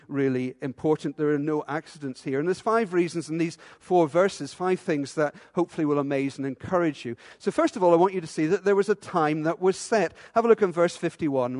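High-voiced preacher in reverberant church. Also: male voice, a little mellow. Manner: emphatic, with rhetorical questions and repetition. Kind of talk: sermon. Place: church with a stage.

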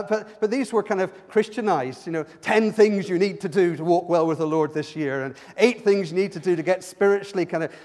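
A man preaching a sermon as pastor, stumbling and repeating words, swinging his pitch and loudness up and down. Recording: long hall reverb.

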